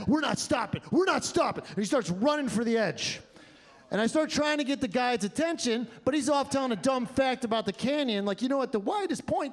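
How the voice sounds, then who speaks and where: A male stand-up comedian with a high voice, telling stories and jumping into characters. He speaks into a handheld mic on a club stage. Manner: animated storytelling with voiced act-outs.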